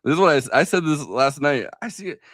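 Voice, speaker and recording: A man co-hosting a podcast, chatting casually about politics with many halting restarts and laughs. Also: on the high side, expressive, fairly bright tone, no echo, studio quality. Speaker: podcast co-host.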